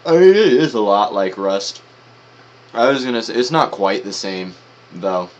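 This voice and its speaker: Casual slangy male streamer, low voice. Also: lively intonation, moderate pace, dull audio, slight background noise. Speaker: streamer reacting to videos. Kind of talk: casual reaction commentary.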